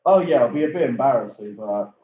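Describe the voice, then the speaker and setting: A man's voice: medium pitch, expressive, fast talker, slight background noise. A young man with a London accent, co-hosting a football watchalong, brash and swearing freely. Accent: London English. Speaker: fan channel co-host. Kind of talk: casual football watchalong chat. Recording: roomy, distant, dull lo-fi sound.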